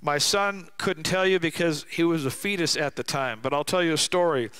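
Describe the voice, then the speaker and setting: A middle-aged man delivers a sermon in a church, his voice sitting a little higher than most men's. He preaches with emphasis and drops into slow, deliberate phrasing to drive home his main points. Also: sharp tone, clean tone. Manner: emphatic preaching, slows down to stress key lines. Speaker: guest speaker.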